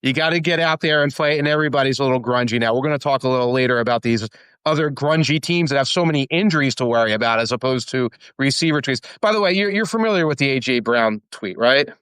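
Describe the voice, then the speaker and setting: Male co-host, smooth clear voice, wry joking delivery, dry close sound. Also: mid-range voice, fast, fairly bright tone, no room sound. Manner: wry, joking, stumbles and repeats words. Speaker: podcast co-host. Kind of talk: casual sports podcast chat.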